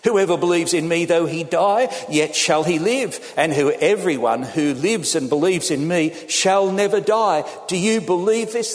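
A man preaching a sermon, animated and acting out the people he quotes. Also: fairly high pitch, a little slow, few pauses. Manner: animated, acts out quotes in changing voices. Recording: long hall reverb.

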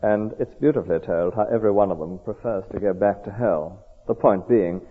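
A man preaching a sermon in an earnest, measured, conversational way. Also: fairly low pitch, husky. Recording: tinny echoey hall recording.

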